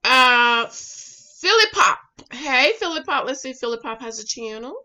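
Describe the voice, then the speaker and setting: A woman with a bright, ringing voice runs a live reaction stream. She reads out viewer comments and answers them in an emphatic, sassy way. Her voice sits fairly high. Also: moderate pace, muffled recording. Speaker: YouTube reaction host.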